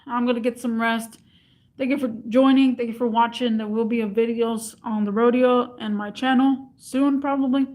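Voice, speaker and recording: A woman's voice: on the high side, little pitch movement, normal speed, darkish tone. A young woman vlogger telling a story casually to her camera, acting out both sides of a phone call.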